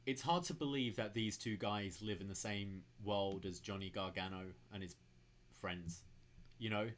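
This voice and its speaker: A man co-hosting a podcast, giving relaxed, opinionated takes with frequent fillers. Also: on the low side, moderate pace. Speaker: podcast co-host. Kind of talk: casual wrestling discussion.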